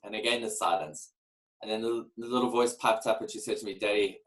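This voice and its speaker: A man in his forties telling a candid personal story as a podcast guest, earnest and animated, often repeating words as he starts a phrase. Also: on the low side, brisk, rough recording. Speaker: guest, keynote speaker.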